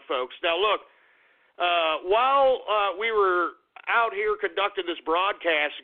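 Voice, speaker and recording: A man hosting a talk radio show, ranting in a profane, stammering monologue. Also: high-pitched. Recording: phone-like lo-fi radio audio.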